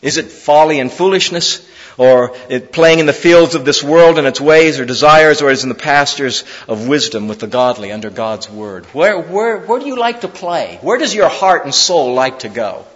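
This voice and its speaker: A man's voice: fairly high pitch, lively intonation, moderate pace, big-room sound, muffled recording. A man preaching an expository sermon in an earnest, conversational way, asking his listeners direct questions. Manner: earnest, conversational, with rhetorical questions and sports metaphors.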